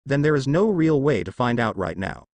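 A man's voice: medium pitch, very animated, moderate pace, darkish tone, no room sound. A man voicing a cheerful, friendly teenage demigod boy who talks in an upbeat, reassuring way.

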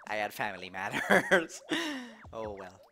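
A young man from Quebec, Canada, with a Québécois French accent livestreams a game, reacting excitably, reading chat aloud and laughing often. His pitch is fairly low and his pace measured, with slight background noise.

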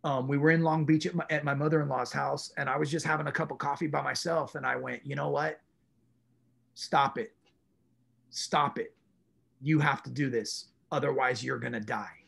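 A man's voice: a little high, little pitch movement, fast talker, vocal fry, few pauses. A man in his forties, a guest in a casual interview, telling his story with animation and acting out his own inner voice. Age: 40s.

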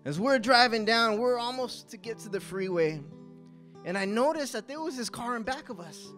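A young man giving a live spoken testimony at a coffee house, telling his story with strong emotion, his voice climbing in tense moments and sinking low in sad ones. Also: lively intonation, moderate pace, fairly bright tone, soft background music.

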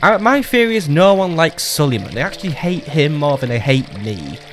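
A gaming channel host with a fairly high, very animated voice narrates his strategy game at normal speed over game music. His casual let's play commentary is chatty and jokey, and he swears and talks to the game's leaders.

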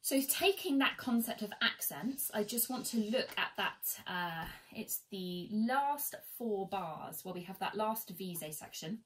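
On a low-quality recording, a woman teaches violin online from her seat at home, her medium-pitched voice lively in intonation, measured in pace and with few pauses. Chatty and encouraging, she counts the students in while a violin plays faintly in the background.

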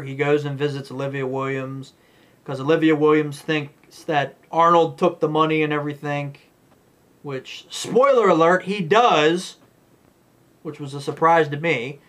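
A man's voice: a little high, a bit bright. Profane man ranting about a movie. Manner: rambling, blunt and profane. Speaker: movie reviewer. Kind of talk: casual profane movie review rant.

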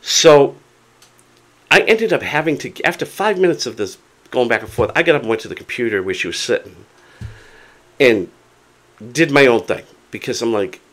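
A hard-of-hearing man casually retelling a doctor's visit to camera, animated and quoting people as he goes. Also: medium pitch, normal speed, pauses often. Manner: animated retelling with acted quotes. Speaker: vlogger.

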